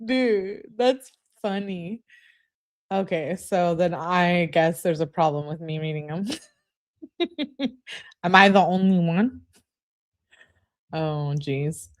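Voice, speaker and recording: A woman's voice: on the low side, slow, pauses often. A woman hosting a casual livestream, giggly and flustered, laughing often as she comments to her chat. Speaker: streamer host.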